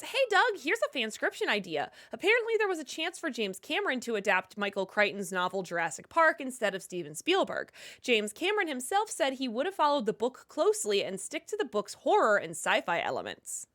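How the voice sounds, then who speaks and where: A woman's voice: sits high, very animated, a little fast, few pauses, fairly bright tone. A woman co-hosting a live stream, reading viewer messages aloud in an upbeat way. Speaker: co-host reading chat messages.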